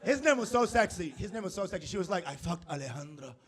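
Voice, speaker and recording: Young man, stand-up on a club stage, raised pitch, lively profane delivery. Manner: animated, profane, quick asides to the audience. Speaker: stand-up comedian. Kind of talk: stand-up comedy set with crowd work. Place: comedy stage before a live audience.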